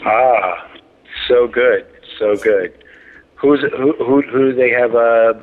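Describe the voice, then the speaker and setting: A man's voice: medium pitch, slow, a little hiss or hum. A man co-hosting a podcast, chatting casually and reacting with enthusiasm and laughs. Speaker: podcast co-host. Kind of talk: casual chat. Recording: tinny phone-like line.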